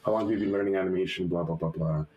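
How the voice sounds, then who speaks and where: Man, deep low voice, animator guest, lively storytelling, acts out quotes, lots of restarts. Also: rapid-fire, highs cut off. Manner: frequent restarts and fillers. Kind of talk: storytelling in an interview.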